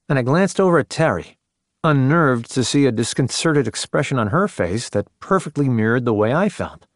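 A man reading a first-person story in a measured, subdued way. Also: mid-range voice, no echo, clean studio sound. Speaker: narrator. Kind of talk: first-person audiobook narration.

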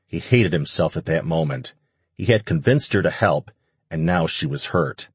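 A man reading a fantasy audiobook in steady scripted narration. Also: deep voice, normal speed, vocal fry, slightly rough, no echo.

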